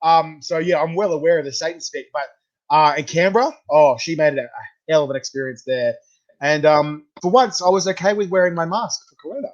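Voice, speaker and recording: A man's voice: a little high, fairly quick, highs cut off. A man hosting a casual chat, telling stories with animation and frequent laughter. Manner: animated storyteller, laughs often. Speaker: host.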